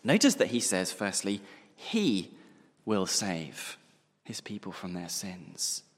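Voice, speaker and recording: A man preaching a sermon, slowing down and pausing to stress key words. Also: deep voice, sing-song, long reverb tail.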